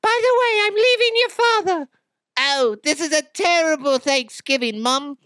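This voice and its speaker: A man putting on a campy high-voiced British mum. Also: animated, moderate pace, bright, forceful tone, no room sound, clean studio sound, exaggerated voice.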